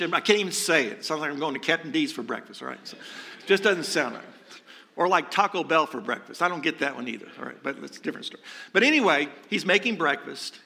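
A man's voice: a little high, sharp tone. A male pastor preaching a sermon in a conversational way, asking rhetorical questions and dropping light jokes.

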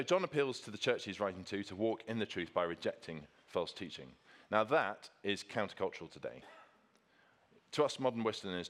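Man, preacher, deep low voice, earnest, emphatic, repeats phrases. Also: fairly bright tone. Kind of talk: sermon with slides.

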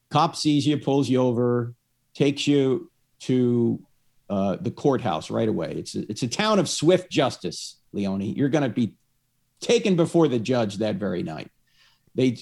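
A man's voice: mid-range voice, gravelly, a little mellow, breathy edge. A man explaining his faith to one listener through a story, acting out the lines of the people in it. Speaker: evangelist.

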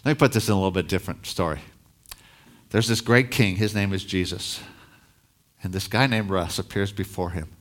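A man's voice: deep voice, a little fast, fairly bright tone. A man preaching a sermon as a pastor, reading scripture aloud and explaining it, rising in force on key lines.

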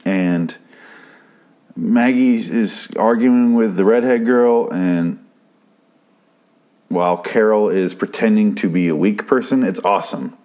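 A man's voice: fairly low pitch, slow pace, pauses often, mellow. A man casually recapping a TV episode, rambling and swearing freely with frequent restarts.

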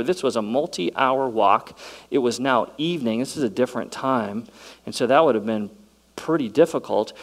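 A man preaching a sermon, shifting between quiet reflective passages and loud, excited storytelling. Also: on the low side, poor audio. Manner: dynamic preaching, swings from soft to loud and excited. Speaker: pastor.

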